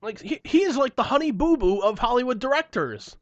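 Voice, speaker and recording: A man's voice: very high voice, lively intonation, brisk, no echo. A young man co-hosting a casual podcast chat, swearing freely and acting out the people in his stories. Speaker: podcast co-host. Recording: dull lo-fi podcast mic.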